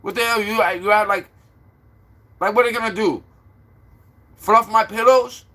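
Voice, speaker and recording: A man's voice: fairly even intonation, brisk, pushed and bright. A stressed man from Florida rambling casually to his livestream viewers. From Florida, USA. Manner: rambling, talks to viewers, turns low and subdued.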